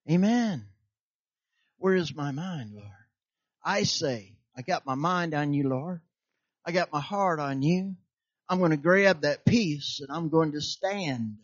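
A man's voice: on the high side, no echo, lo-fi sound. A man preaching a sermon in an emphatic, repetitive way, tossing questions out to his listeners for them to finish.

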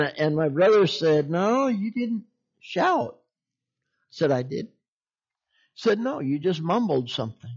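A man's voice: fairly high pitch, darkish tone. A man preaching, telling his own story in a folksy way with frequent chuckles. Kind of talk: sermon testimony. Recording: muffled lo-fi recording.

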